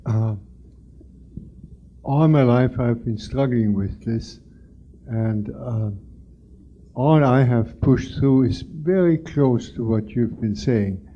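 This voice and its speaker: A man, a Christian monk, answering slowly and thoughtfully with hesitations. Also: medium pitch, mellow. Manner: slow, measured, with hesitations. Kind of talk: reflective discussion. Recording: muffled lo-fi with faint noise.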